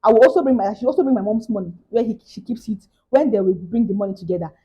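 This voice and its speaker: A young woman with a Nigerian English accent tells a story to her viewers in a casual vlog, swinging between loud exclamations and hushed asides. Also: medium pitch, very fast, dull audio, background noise. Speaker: vlogger.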